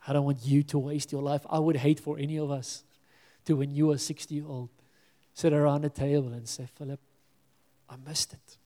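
A man's voice: a little high, level tone, brisk, dark tone, long reverb tail. A man preaching a sermon as pastor, earnest and pleading, sometimes dropping to a near-whisper.

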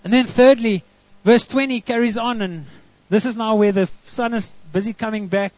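High-voiced South African pastor preaching. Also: male voice, moderate pace, a little mellow, no room sound. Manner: earnest preaching, counts points, drops into homely anecdotes. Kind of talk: sermon. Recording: dull lo-fi recording.

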